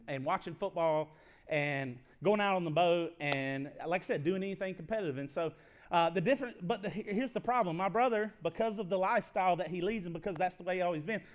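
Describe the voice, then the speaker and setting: A pastor in his thirties, speaking with a fairly high voice in a chatty, folksy sermon. He tells stories in a self-deprecating way, with frequent laughs and restarts. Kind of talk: conversational sermon storytelling.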